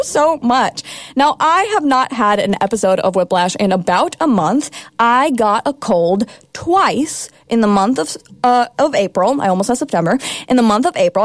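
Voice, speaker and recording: A woman's voice: on the high side, no room sound. A young woman in her twenties hosting her college radio show, talking in a bubbly, emotional, rambling way. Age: 20s. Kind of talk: casual radio talk. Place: radio studio.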